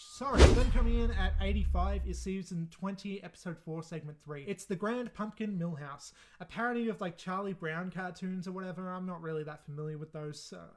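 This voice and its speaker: High-voiced man, rambling review. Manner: rambling, self-deprecating, swears freely. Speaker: reviewer ranking episodes. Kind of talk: casual commentary.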